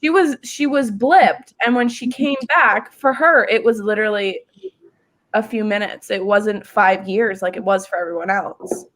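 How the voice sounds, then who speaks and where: A woman's voice: mid-range voice, normal speed, fairly bright tone. A woman hosting a casual fan discussion over a video call, earnestly explaining at length. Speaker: show host.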